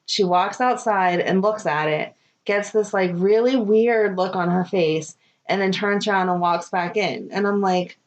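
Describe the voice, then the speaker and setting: A middle-aged woman co-hosting a fan podcast, chatting casually and telling lively stories. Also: mid-range voice, measured pace. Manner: chatty, animated storytelling. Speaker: podcast co-host. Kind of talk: casual chat.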